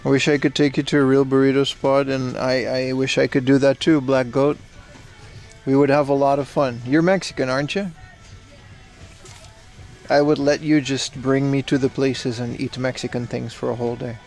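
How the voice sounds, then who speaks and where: A man with a mid-range, slightly mellow voice hosts a casual IRL livestream, speaking at a moderate pace in a level tone. He browses a retro game shop, chatting and reading viewer comments aloud, with faint music in the background.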